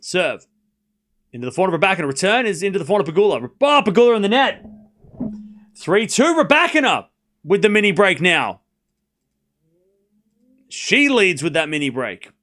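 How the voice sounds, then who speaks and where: Male stream host, high lively voice, excitable play-by-play tennis commentary with banter. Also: a little fast, pauses often. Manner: chatty, excitable, jokes and speaks to viewers.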